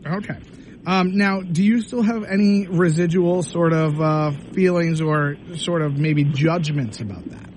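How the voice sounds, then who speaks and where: A man doing a tarot reading on a radio show, asking gentle, probing questions. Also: fairly high pitch, measured pace, slight background noise, low-quality recording. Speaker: tarot reader.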